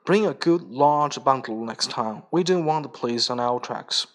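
A man voicing a fierce, unshaven male Russian revolutionary who speaks sharply and briskly in a storybook reading. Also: mid-range voice, animated, natural voice. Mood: scolding.

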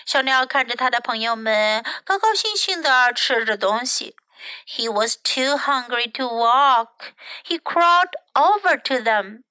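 A woman teacher whose first language is Mandarin, reading a children's story aloud slowly and expressively, line by line in English and Chinese. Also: high-pitched, smooth, no echo. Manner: slow, expressive read-aloud, sentence by sentence.

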